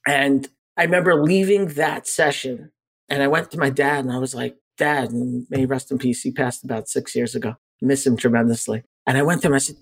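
A man in his forties, a life coach appearing as a podcast guest, telling a personal story earnestly and candidly, animated when he retells conversations. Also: mid-range voice, fairly quick, slightly rough.

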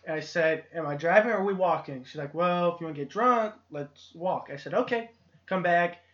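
A young man with a fairly high voice co-hosting a podcast, chatting and laughing as he recounts his week. The recording is lo-fi, with an echoey room around the voice. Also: a little fast, fairly bright tone. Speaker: podcast co-host. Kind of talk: casual chat.

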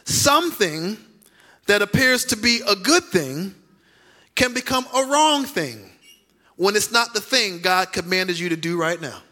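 A man's voice: high voice, animated, measured pace, bright, forceful tone. A male pastor preaching a sermon emphatically, repeating key lines and acting out quoted voices.

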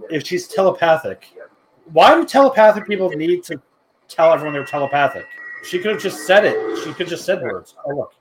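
A man's voice: fairly high pitch, animated, fairly quick, slight background noise. A man co-hosting a podcast, giving a crude, joking running commentary while watching a film. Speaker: podcast co-host. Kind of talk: casual movie watch-along chat.

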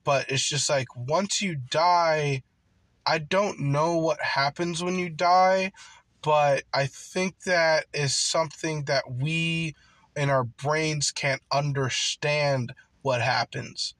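A man's voice: fairly high pitch, slow pace, fairly bright tone, dry recording. A man telling a casual story in a rambling way, full of swearing and fillers like "like". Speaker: worker on a night job.

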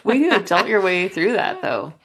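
A young woman in casual chat, telling a story in an animated way and acting out the dialogue. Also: medium pitch, moderate pace, husky.

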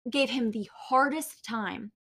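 Young woman co-host, animated chatter. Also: a little high. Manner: animated, indignant storytelling, quick bursts. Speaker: podcast co-host. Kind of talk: casual chat.

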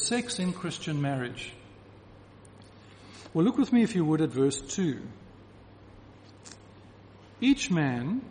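A man's voice: a little high, darkish tone, slight background noise. Man preaching in an echoing hall. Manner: emphatic, repeats key phrases for the congregation. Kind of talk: sermon. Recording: reverberant hall with faint ambience.

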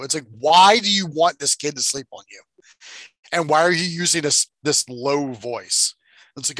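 Man, casual podcast chat, sarcastic, profane, bright tone, dry close mic. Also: a little high, brisk, dry recording. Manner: profane, sarcastic, acts out movie lines. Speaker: podcast co-host. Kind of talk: casual movie-review chat.

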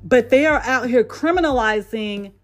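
A woman's voice: on the high side, normal speed, faint music behind. A woman vlogger delivering a heated, profane monologue rant, repeating herself for emphasis.

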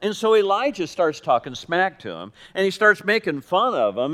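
A man preaching a sermon, telling a story with lively quoted voices and dry jokes. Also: medium pitch, normal speed, few pauses. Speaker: pastor. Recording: reverberant hall.

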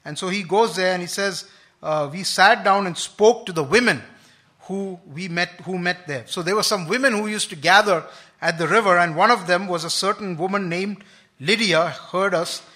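High, bright-voiced male preacher. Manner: unhurried, thoughtful, frequent fillers and restarts. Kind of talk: sermon.

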